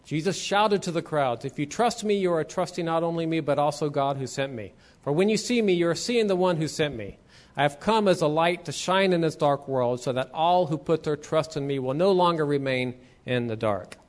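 Man preaching a relaxed sermon. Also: on the high side, normal speed. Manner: conversational teaching with scripture readings. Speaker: pastor.

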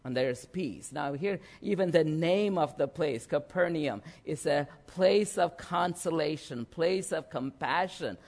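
A man preaching a sermon, slow and lively, often checking in with his listeners. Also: on the high side. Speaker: pastor.

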